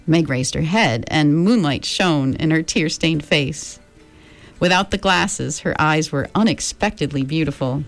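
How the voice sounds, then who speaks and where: A woman's voice: sits low, a little slow. Woman narrating a storybook over music. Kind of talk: audiobook narration.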